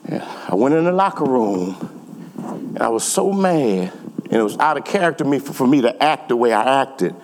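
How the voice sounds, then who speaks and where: Against a noisy background in an echoey hall, a middle-aged man with a mid-range voice preaches at a moderate pace. The pastor's story is animated and emphatic, with words repeated again and again.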